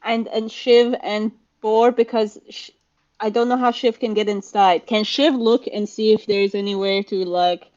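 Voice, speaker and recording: A woman's voice: medium pitch, steady tone, unhurried, a little mellow. A woman playing a tabletop game, rambling and unsure. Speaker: player. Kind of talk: casual tabletop play. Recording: dull lo-fi mic.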